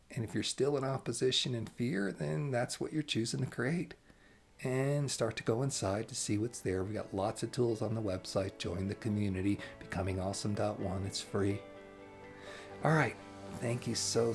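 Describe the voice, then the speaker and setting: A man giving an animated, emphatic channeled spiritual talk, now and then dropping to hushed asides. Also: mid-range voice, normal speed, creaky, soft background music.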